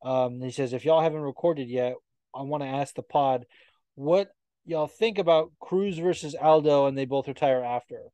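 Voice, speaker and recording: A man co-hosting a chatty podcast, talking loosely and swearing freely. His voice is mellow and dark, and the sound is close and dry. He slips into quoted asides as he tells stories. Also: medium pitch, moderate pace, clear, resonant tone, no echo. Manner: swears often, animated storytelling with quoted asides. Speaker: podcast co-host. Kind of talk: casual chat.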